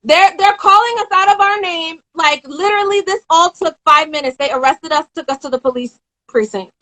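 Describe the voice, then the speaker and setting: A woman in her twenties, a guest on a casual live-stream chat over a phone or video call, tells a story animatedly and is quick to act out the people in it. Her voice is very high, and the recording is low quality.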